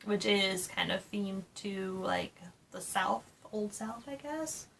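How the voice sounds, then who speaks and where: A woman's voice: mid-range voice, slow pace, creaky, a bit bright, a little hiss or hum. A woman co-hosting a casual travel chat, explaining things in detail and laughing often. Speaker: co-host of a theme park travel channel.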